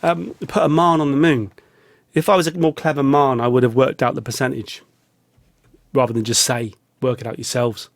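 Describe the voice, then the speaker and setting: A man's voice: medium pitch, steady tone, moderate pace, creaky. A man from England with a London accent, rambling through a self-mocking comic monologue with big swings of voice, recorded in a small hot studio. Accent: English, London. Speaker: vlogger.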